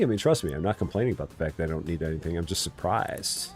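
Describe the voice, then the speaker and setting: Low-voiced guy streaming a game, teasing chat, voice bouncing all over, bit of music in the back. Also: animated, fast, darkish tone, slightly rough. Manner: joking, teasing, sing-song asides. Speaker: gaming streamer. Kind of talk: live game commentary, chatting with viewers. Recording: faint music behind.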